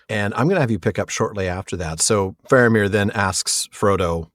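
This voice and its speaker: A man's voice: on the low side, lively intonation, fairly quick, few pauses, a bit bright, no room sound, clean studio sound. A middle-aged man co-hosting a podcast, chatting and explaining in an enthusiastic way. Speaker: podcast co-host. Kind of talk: casual chat.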